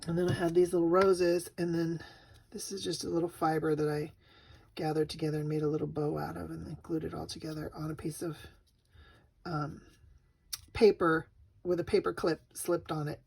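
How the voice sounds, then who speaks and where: A middle-aged woman casually showing her craft work, soft and rambling, with lots of fillers and restarts. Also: sits low, level tone, normal speed, gravelly, slightly rough. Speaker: craft vlogger.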